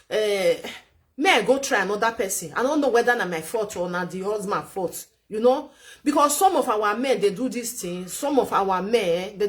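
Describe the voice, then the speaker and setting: A woman with a Nigerian Pidgin accent giving relationship advice in chatty, lecturing commentary, repeating points for emphasis. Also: medium pitch. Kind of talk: casual commentary.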